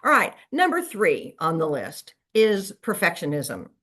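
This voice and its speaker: Animated woman giving a motivational talk. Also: on the low side, unhurried. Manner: lively, conversational, acts out quoted lines. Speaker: real estate coach.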